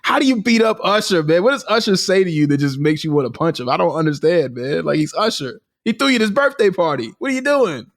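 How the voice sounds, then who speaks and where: A man's voice: high voice, expressive, fast, few pauses. A man co-hosting a casual podcast chat who talks expressively, exclaims often and laughs a lot. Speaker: podcast co-host.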